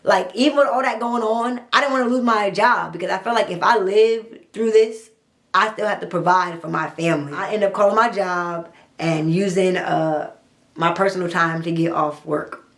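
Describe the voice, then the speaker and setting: A young adult woman, telling her own story in a blunt, profane, animated storytime monologue. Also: mid-range voice, moderate pace. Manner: blunt, profane, animated retelling with quoted dialogue.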